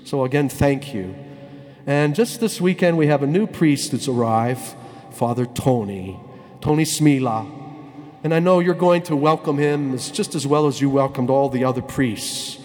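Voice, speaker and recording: Priest preaching in an echoing church. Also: male voice, medium pitch, a little mellow, faint music behind. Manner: storytelling, slowing down and stretching words for emphasis. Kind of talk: sermon.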